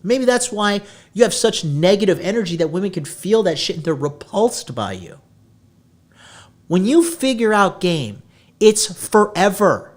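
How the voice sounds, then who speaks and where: A man's voice: high-pitched, very animated, a little slow. A male podcast host giving dating advice in a brash, profane rant, lecturing his listeners.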